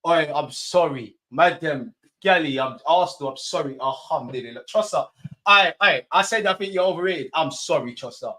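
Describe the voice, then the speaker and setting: A young man calls a football match live for his viewers as an excitable, one-sided fan. His voice sits a little higher than most men's. He chats in loose street slang and talks straight to the people watching along. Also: normal speed.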